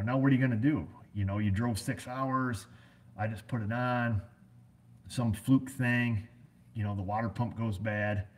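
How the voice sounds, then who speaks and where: A man's voice: fairly low pitch, darkish tone, husky. A middle-aged American man who runs an auto repair shop, chatting casually in a folksy, rambling way full of fillers. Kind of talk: casual rambling vlog chat.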